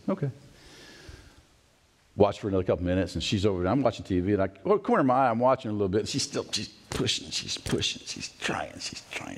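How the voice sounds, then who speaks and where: A man's voice: fairly low pitch, darkish tone, breathy edge. A middle-aged male pastor delivering a sermon, telling a family story and acting out the voices in it. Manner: storytelling preacher, acts out voices and asides.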